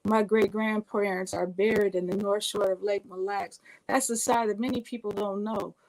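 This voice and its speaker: A woman's voice: mid-range voice, steady tone, normal speed, rough recording. Enthusiastic woman from Minnesota. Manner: enthusiastic, warm, with repeated restarts. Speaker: guest. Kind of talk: conversational storytelling.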